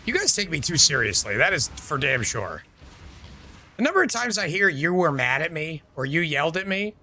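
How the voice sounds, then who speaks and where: A man's voice: fairly high pitch, sing-song, moderate pace, pushed and bright. A male streamer chatting casually while gaming, swearing freely and making mock outbursts at his chat.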